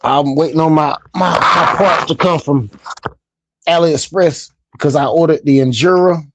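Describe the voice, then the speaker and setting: A man's voice: a little high, normal speed, a bit bright. A man hosting a casual hobby live stream, chatting in a laid-back, talkative way and often repeating his phrases. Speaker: livestream host.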